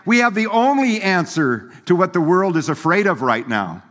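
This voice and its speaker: Big pitch swings mark this pastor's high, fairly bright voice as he preaches at a moderate pace. He keeps the sermon folksy and conversational, laughing and voicing quoted speakers, and the recording carries long hall reverb.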